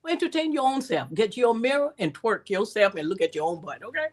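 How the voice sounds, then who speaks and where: Animated woman giving a preachy talk. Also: a little fast. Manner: animated, repeats words, pitch jumps high when exasperated; preacher-like cadence, scripture references. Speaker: speaker and teacher. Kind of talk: reflective talk to an audience.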